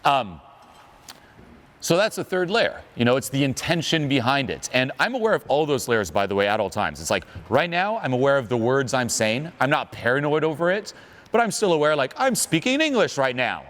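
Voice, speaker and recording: A man's voice: medium pitch, sing-song, a little fast, a bit bright. A man coaching on social skills in an emphatic motivational talk, asking the audience questions.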